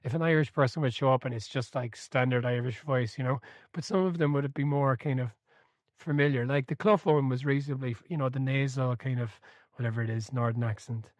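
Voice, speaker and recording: A man co-hosts a relaxed podcast chat about a football biography, with a voice in the usual middle range for a man. He tells stories with energy, laughing as he goes and swearing now and then. The sound is dry and close, with no room to it. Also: medium pitch, a little fast, no room sound. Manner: animated storyteller, swears, laughs mid-sentence. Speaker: podcast co-host.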